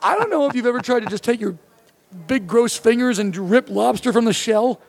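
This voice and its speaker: A man's voice: very high voice, animated, brisk. A man in his thirties, a podcast host, telling a self-mocking comic story with acted-out quotes. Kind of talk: comedic storytelling chat.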